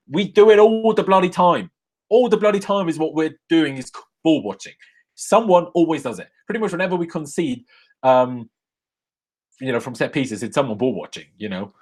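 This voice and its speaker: A young man live-streaming a rant after a football match, angry and swearing, jumping from loud outbursts to low muttering into a desk microphone. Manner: angry, swearing, swings between shouting bursts and low muttering.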